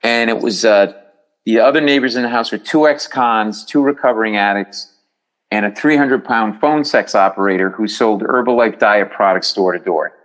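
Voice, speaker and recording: A middle-aged man, a comedian, telling stories as a podcast guest in a lively way and acting out the other people's voices. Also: fairly low pitch, normal speed, poor audio. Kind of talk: podcast storytelling.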